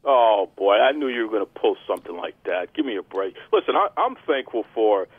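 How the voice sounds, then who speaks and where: A man's voice: on the low side, sing-song, brisk, breathy edge, no room sound, narrow, tinny audio. A man hosting a casual wrestling podcast, with a hype-man announcer delivery. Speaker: podcast host.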